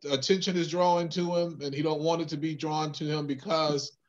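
An easygoing man in a Bible study, laughing often and explaining things in a halting way. His voice is fairly high. The sound is dull and lo-fi, like a remote line. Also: flat delivery. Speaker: church member in Bible study.

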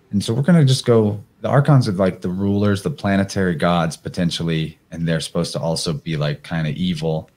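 Low-voiced man rambling through slides. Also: a little mellow. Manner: rambling, thinks aloud with fillers; reads passages aloud from slides. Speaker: podcast guest presenter. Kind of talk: casual slide presentation.

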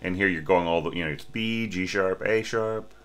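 An orchestration teacher with a very low, clean voice and a bright, forceful edge critiques a score haltingly, restarting often and checking in with "right?" Now and then he sings or breathes out the phrasing, sounding a little sleepy. A faint mains hum sits beneath the recording.

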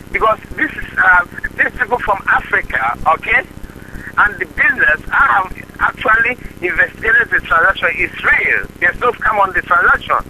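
A man with a Nigerian accent on a phone call, insistent, repeating himself in halting, broken phrasing. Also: sits high, bright, forceful tone, slight background noise. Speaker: caller. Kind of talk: phone conversation.

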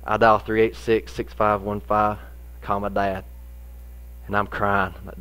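A middle-aged man, a pastor telling a folksy personal story in a sermon, lively in the funny parts and quieter when serious. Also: on the low side, a little slow, pauses often, clean tone.

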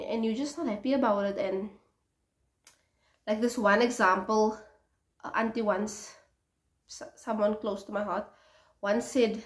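Earnest woman, roomy echo. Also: a little high. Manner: earnest and conversational, restarts and repeats words. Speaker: faith vlogger. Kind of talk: casual spoken devotional talk.

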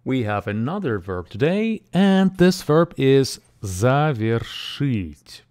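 Slow-spoken male language teacher. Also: a little high, very animated, a little mellow, clear, resonant tone. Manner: slow, careful, with fillers. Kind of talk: pronunciation lesson.

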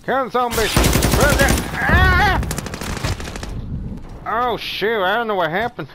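A man's voice: very high voice, very animated, unhurried, noisy background. A man playing an online shooter, joking crudely and swearing as he plays. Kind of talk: casual gameplay banter. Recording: gunfire game audio under voice.

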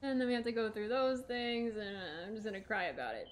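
A woman's voice: on the high side, fast talker, slight background noise. A woman streaming a video game, giving casual gameplay commentary and talking to herself, swearing when things go wrong.

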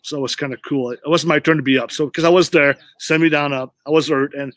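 A man's voice: fairly high pitch, steady tone, fast, fairly bright tone, dry recording. A middle-aged man, a former pro hockey player, telling his career story in an interview with earnest, emphatic phrasing. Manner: earnest, repeats "you know what" for emphasis.

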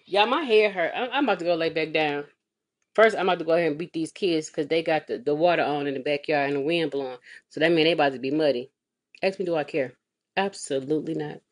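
A woman vlogging as a mother, telling a comedic, exasperated story with sassy, animated delivery and big swings in pitch. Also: fast. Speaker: mother of a kindergartner. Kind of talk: comedic storytelling vlog rant. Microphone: phone or webcam vlog.

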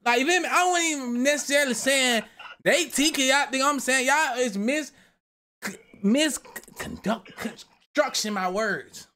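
At a measured pace, a young man with a bright, high voice reacts to a video. He wanders from point to point, curses freely, and keeps justifying himself in casual conversation.

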